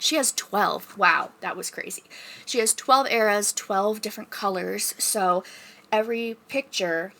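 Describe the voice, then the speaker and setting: Bright, chatty young woman. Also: mid-range voice, vocal fry. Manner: rambling, chatty, with many fillers and restarts. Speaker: vlogger. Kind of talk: casual vlog chat.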